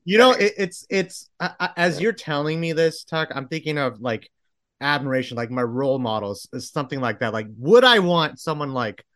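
Brief: young male podcast host, easygoing, fairly high voice, chatting on a call. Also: expressive, moderate pace, a bit bright. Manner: laid-back, agreeable, says "dude" and "man". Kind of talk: casual podcast chat.

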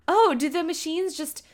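A woman co-hosting a casual chat, animatedly retelling a TV episode and quoting the characters in quick put-on voices. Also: extremely high pitch. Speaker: podcast co-host recapping a TV episode.

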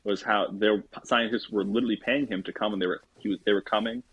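A man's voice: fairly low pitch, steady tone, fast talker, slightly rough. A man co-hosting a casual podcast, hesitant with lots of fillers. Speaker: podcast co-host. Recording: dull dry mic sound.

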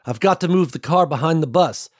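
A man voicing a determined woman giving urgent orders during an attack, raising his pitch. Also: brisk, no room sound, clean studio sound, close to an everyday voice. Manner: urgent, commanding.

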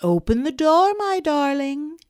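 A woman's voice: high-pitched, very animated, a little slow, dry recording, studio quality, pitched above the performer's own voice. A woman reading aloud voices a young husband who calls out to his wife in shock. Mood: coaxing. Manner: pleading, then shocked. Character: alarmed young husband, male.

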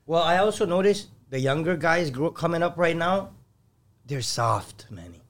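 A man who owns a construction company, telling stories in a lively, profane way on a casual podcast. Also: a little high, normal speed. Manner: animated, profane storytelling.

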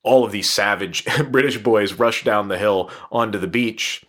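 Man, lower register, casual podcast chat, animated storyteller who quotes the characters. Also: unhurried. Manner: animated, laughs often, acts out quotes. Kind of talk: casual chat retelling a book.

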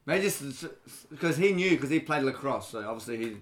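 A man's voice: mid-range voice, expressive, a little fast. Young aussie guy chatting loosely about bartending, lots of "like", mid voice. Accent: Australian. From Australia. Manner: laid-back storytelling, lots of "like" and "yeah". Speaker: bartender guest. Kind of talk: casual chat.

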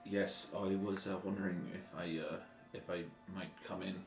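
A man's voice: deep voice, flat delivery, moderate pace, gravelly, echoey room, over music. A man voicing a hesitant, eccentric male doctor who stumbles over his own words.

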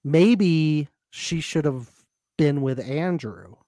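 A man's voice: fairly high pitch, takes it slowly, dark tone, no room sound, clean studio sound. A man co-hosting a podcast, chatting casually and laughing along about a reality show. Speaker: podcast co-host.

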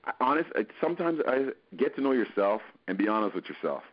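Male actor, podcast guest, low voice, earnest, encouraging, muffled lo-fi recording. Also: very animated, fast talker. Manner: earnest, encouraging, thinks aloud. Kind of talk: casual podcast interview. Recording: dull lo-fi podcast audio.

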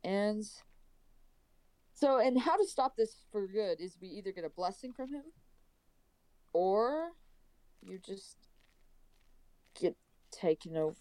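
A woman's voice: medium pitch, animated, slow, long pauses, a little mellow, dry recording, rough recording. A woman playing a tabletop game, chatting casually in and out of character with a hesitant, restarting manner. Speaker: player. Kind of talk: casual tabletop role-play.

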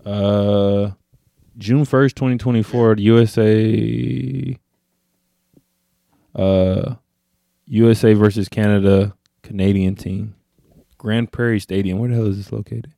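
Young man, casual podcast chat, animated storyteller, dry close mic. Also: slow pace, gravelly, pauses often, dry recording. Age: young adult. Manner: animated storyteller, acts out quotes with sudden high-pitched outbursts. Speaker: podcast co-host.

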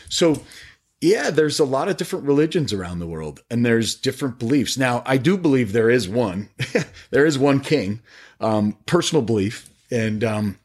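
A middle-aged man talking about faith on a podcast with eager, animated, preachy storytelling. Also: mid-range voice, normal speed, slightly rough. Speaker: podcast guest, faith-based business owner. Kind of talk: casual podcast conversation.

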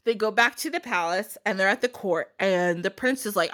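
A woman hosting a podcast, retelling a folktale in a giggly, animated way. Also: mid-range voice, moderate pace. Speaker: podcast host. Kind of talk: casual storytelling.

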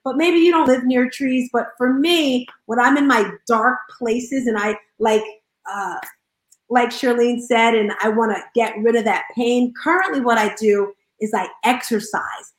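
A high-voiced woman hosts a casual panel chat, upbeat and exclamatory, calling out her points with bursts of loud emphasis. Her voice rings in a roomy, echoing space. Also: a little slow. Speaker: host. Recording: roomy echo.

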